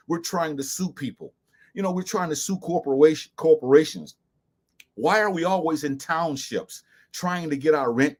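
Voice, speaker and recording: A man hosting a commentary show, speaking in a preacherly, emphatic way to his viewers and slowly repeating key lines. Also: fairly high pitch. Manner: preacherly, addressing viewers as "beautiful people" and "brothers and sisters". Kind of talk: talk-show monologue with charts.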